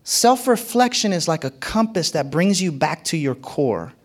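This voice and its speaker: At a measured pace, a man preaches emphatically, repeating key phrases as his pitch makes big swings. Sometimes he lowers his voice to a whisper; other times it rises sharply.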